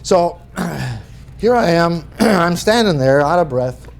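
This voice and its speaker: A man's voice: a little high, expressive, takes it slowly, vocal fry. A middle-aged man from northern Minnesota giving a talk as an author, telling humorous anecdotes in a folksy way. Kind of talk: storytelling presentation.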